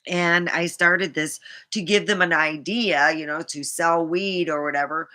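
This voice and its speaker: Slow, bright-voiced woman rambling. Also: on the low side, steady tone. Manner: meandering, laughs often, many fillers. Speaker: vlogger. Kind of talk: rambling casual monologue.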